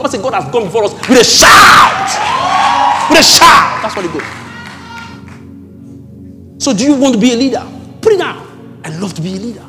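High-voiced guy preaching, really lively, big echoey hall with soft music behind. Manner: animated preaching, rising to shouts. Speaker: pastor. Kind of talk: sermon.

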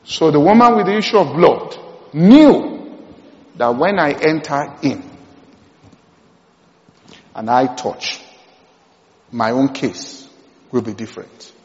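Man, preacher, emphatic sermon, fairly high voice, long hall reverb, dull muffled sound. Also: lively intonation, takes it slowly, pauses often. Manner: emphatic, repeats phrases, swings between loud and hushed.

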